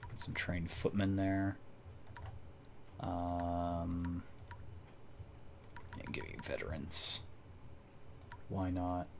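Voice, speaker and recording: A man's voice: low-pitched, little pitch movement, very slow, pauses often, a bit bright. A man giving casual live commentary on a game he plays, playful and teasing toward enemies, talking from a room at home. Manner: playful, taunts enemies, chuckles. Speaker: streamer. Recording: noisy, keyboard typing audible.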